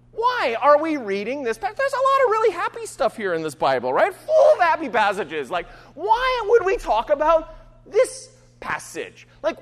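Lively high-voiced male pastor in a reverberant hall. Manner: conversational, self-deprecating, keeps asking "right?". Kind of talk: sermon. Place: church sanctuary.

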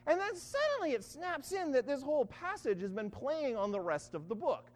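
A Bible teacher giving an animated study talk, often checking in with listeners and acting out the quoted lines. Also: high voice, normal speed, hardly any pauses, in a large hall.

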